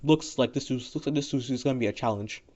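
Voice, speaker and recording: A man voicing a cool, aloof teenage boy who speaks calmly and with understatement, on dull lo-fi audio. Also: medium pitch, fast talker, close to an everyday voice. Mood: intrigued.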